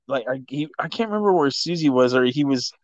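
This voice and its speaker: A man's voice: mid-range voice, expressive, fast, no echo, lo-fi sound. A man in his forties chatting casually as a guest, laid-back and profane, laughing often. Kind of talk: casual storytelling chat.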